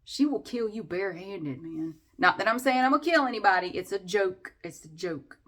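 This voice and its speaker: A middle-aged Southern woman vents in a ranting vlog, sarcastic and quick to swear. Her voice sits at an ordinary middle pitch. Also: animated, fairly bright tone. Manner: sarcastic, profane, venting. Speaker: vlogger.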